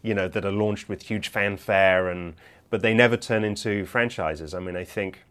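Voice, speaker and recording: A man answering interview questions in a measured, explanatory way, with frequent fillers. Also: on the low side, steady tone, a bit bright, clean tone. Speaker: filmmaker in an interview clip.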